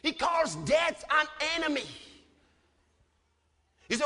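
Fervent high-voiced preacher in a hall. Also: male voice, lively intonation, moderate pace. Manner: fervent, often shouting, drawing out words. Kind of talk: sermon. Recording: hall reverb.

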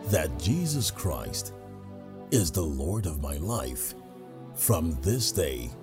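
Deep-voiced man reading a prayer. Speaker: closing announcer. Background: music.

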